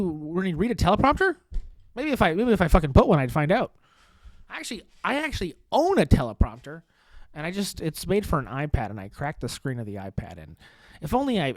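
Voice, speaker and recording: A man's voice: a little high, no echo. Sarcastic man ranting on a dry mic. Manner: deadpan sarcastic, swearing, rambling with restarts. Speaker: podcast host. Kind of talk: sarcastic solo comedy podcast monologue.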